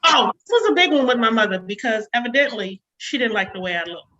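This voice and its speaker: A woman in her forties doing a chatty stand-up comedy set over a video call, slipping into sharp quotes of a stern mother. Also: a little high, lively intonation, fast, highs cut off, background noise. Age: 40s.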